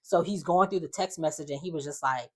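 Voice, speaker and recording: A woman casually recapping a reality show, telling it in an animated, sassy way with slangy asides. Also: low voice, quick pace, slightly rough.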